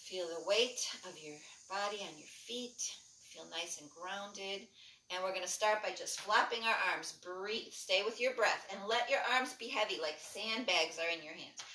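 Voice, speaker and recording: A woman instructor leading a guided breathing and movement class, giving calm, rhythmic cues that are mostly soft with brighter bursts. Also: mid-range voice, normal speed, distant mic, a little hiss or hum. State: lightly breathless while jumping. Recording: echoey room, voice a bit off-mic.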